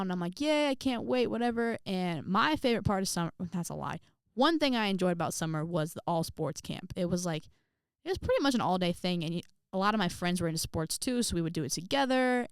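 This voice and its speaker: A young adult woman telling a story on her vlog in a sassy, animated way, with exaggerated outbursts. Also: on the low side, fast, smooth, no echo, clean studio sound. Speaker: vlogger.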